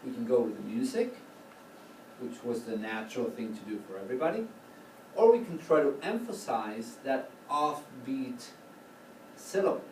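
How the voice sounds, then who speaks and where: This choral conducting instructor speaks at medium pitch with animated delivery at a moderate pace. Working with a choir in a rehearsal room, he patiently explains and sings brief phrases to show what he means, though the recording is echoey, distant, and noisy.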